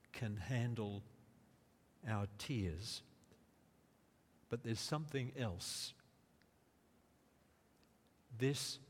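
A man preaching a sermon in a slow, deliberate way, rising to emphatic quotes. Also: medium pitch. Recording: long reverb of a large hall.

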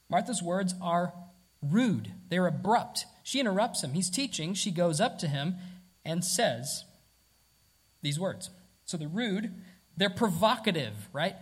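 Preacher mid sermon, husky, mid pitch, keeps asking the crowd right?. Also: lively intonation, measured pace. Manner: emphatic, rhetorical questions, repeats words.

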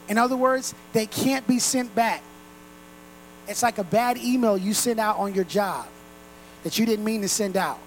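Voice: medium pitch, moderate pace, a little hiss or hum, rough recording. A pastor preaching a sermon to a congregation in a room, earnest and direct.

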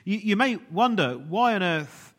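A man preaching a sermon earnestly, at times dropping to a hushed, almost whispered voice. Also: high-pitched, sing-song, a little slow. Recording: long reverb of a large hall.

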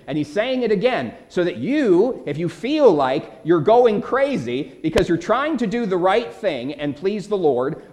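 A man's voice: a little high, darkish tone. A middle-aged man preaching a sermon, reading scripture verses and explaining them with emphatic repetition and rhetorical questions. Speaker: pastor.

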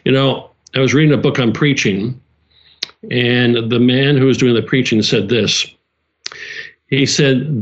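Earnest church leader, lo-fi sound. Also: male voice, mid-range voice, unhurried, pauses often. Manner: earnest, many restarts and repeated phrases. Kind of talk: casual conversation.

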